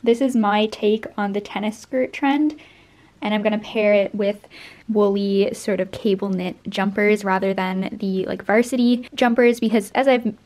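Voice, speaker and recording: A woman's voice: mid-range voice, steady tone, normal speed, a little mellow. A young woman from Canada, chatting casually to camera at home and gushing over new clothes in a vlog. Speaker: vlogger.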